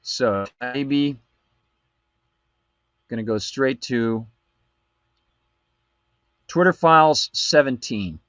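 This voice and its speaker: A man's voice: mid-range voice, animated, very slow, pauses often, fairly bright tone, dry recording, muffled recording. A man hosting a live political commentary show, reading documents aloud and breaking off with sarcastic asides. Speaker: show host.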